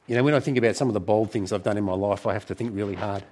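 A middle-aged man preaching a sermon to a church gathering, conversational and warm in tone, with frequent restarts. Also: lowish voice, racing.

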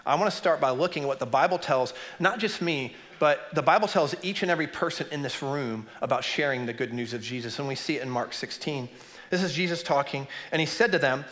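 A man's voice: medium pitch, fast talker. A man preaching as executive pastor, enthusiastic and conversational, leaning into repeated points. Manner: enthusiastic, conversational, lively emphasis. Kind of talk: sermon. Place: church sanctuary. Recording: long church reverb.

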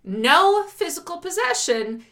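A woman's voice: sits high, big pitch swings, slow, a bit bright. A woman co-hosting a casual podcast chat. She talks bluntly, swears freely, laughs often and sometimes reads a story aloud. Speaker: podcast co-host.

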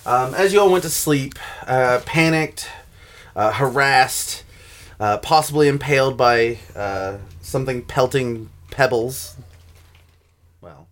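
A man's voice: medium pitch, takes it slowly, fairly bright tone. Guy running a tabletop game, lots of ums, plain middle voice. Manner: hesitant, lots of ums and uhs while narrating. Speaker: game master.

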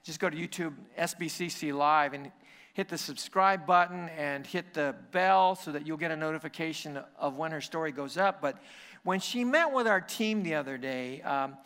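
A man's voice: on the high side, normal speed, fairly bright tone, smooth. A male pastor praying and then opening his sermon in a conversational way, with frequent restarts.

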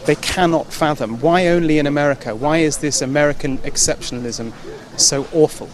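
A man's voice: fairly high pitch, brisk. Persistent male reporter outdoors. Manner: persistent, pressing. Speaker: news reporter. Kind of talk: outdoor news interview.

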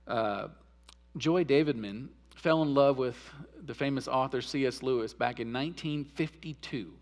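A man preaching a sermon as pastor, earnest, rising loud and impassioned on emotional quotes, then dropping low and quiet. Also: normal speed, vocal fry, long pauses. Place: church sanctuary.

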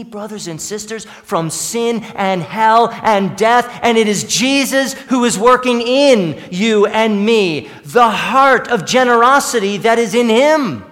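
A male pastor preaching a sermon, swinging between hushed lines and emphatic ones. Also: fairly high pitch, long reverb tail. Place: church sanctuary.

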